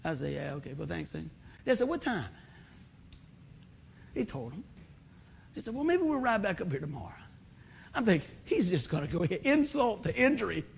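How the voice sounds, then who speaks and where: A middle-aged man from West Virginia preaches through a personal story, his voice high and swinging widely in pitch. He acts out the people in the story and breaks into loud whoops, with faint room noise behind him. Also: big pitch swings, moderate pace, vocal fry, pauses often. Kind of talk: storytelling sermon.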